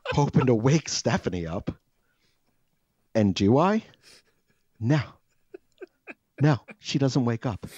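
A man telling a self-mocking comic story in casual chat, animated and swearing freely. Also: low voice, no echo, dull audio.

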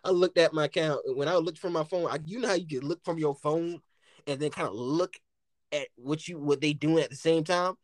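A man's voice: a little high, brisk, no echo, clean studio sound. A man telling a casual story, rambling with constant filler words and acting out the lines he quotes. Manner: rambling, heavy use of "like" fillers; animated, acts out quoted lines.

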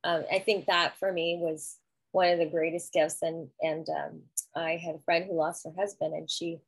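A woman's voice: fairly low pitch, flat delivery, normal speed, vocal fry, husky, no room sound, low-quality recording. A middle-aged woman talking earnestly and reflectively in a casual conversation, with frequent restarts. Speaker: guest sharing grief experience.

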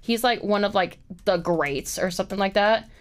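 A woman's voice: mid-range voice, moderate pace. A young woman in her twenties hosting a podcast, chatting casually, full of fillers and swearing. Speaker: podcast host. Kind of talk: casual chat.

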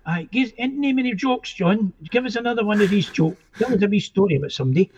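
Older Scottish bandleader put on by a man, firm but friendly, raised pitch, muffled recording. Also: lively intonation, quick pace, darkish tone, a little hiss or hum. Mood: easygoing. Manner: plain-spoken, calls people son.

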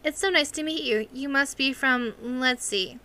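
A woman's voice: high voice, moderate pace, sharp tone, pitched above the performer's own voice. A woman voicing a prim, snobbish young woman student with a haughty manner in an audiobook reading. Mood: sugary. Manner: haughty, prissy.

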